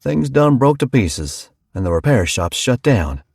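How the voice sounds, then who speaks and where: A man voicing a big, rough male farmer who talks in a thick, slow drawl. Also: medium pitch, sing-song, darkish tone, no echo, studio quality, pitched above the performer's own voice, full character voice. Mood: musing.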